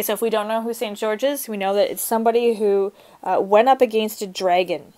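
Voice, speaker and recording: A woman teacher reading a story aloud to her students and explaining it in a casual, chatty way, with expressive emphasis on the quoted passages. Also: medium pitch. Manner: casual, chatty asides with fillers and light laughs.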